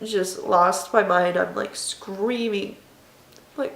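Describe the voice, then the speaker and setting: A young woman vlogger telling a personal story in an emotional, tearful, halting way. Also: mid-range voice, fairly even intonation, creaky, fairly bright tone. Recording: echoey room.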